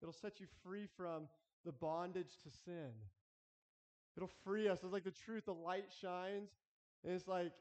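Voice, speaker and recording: A man preaching a sermon earnestly, with halting restarts, acting out prayers as he goes. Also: sits high, fairly even intonation, darkish tone, in a large hall, muffled recording. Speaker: pastor.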